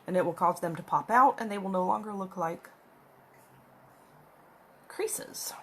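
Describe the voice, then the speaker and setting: At home with her cat, a makeup vlogger talks casually through a tutorial as she applies makeup, recording on a phone camera that picks up a little hiss or hum. Her mid-range voice is a bit bright and her pace measured.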